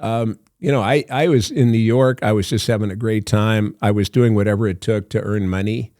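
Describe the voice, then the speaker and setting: Clean studio audio with no room sound carries the slightly mellow, lowish voice of an older actor. As a podcast interview guest, he tells lengthy anecdotes at a normal speed and fairly even pitch, laughing and using fillers throughout.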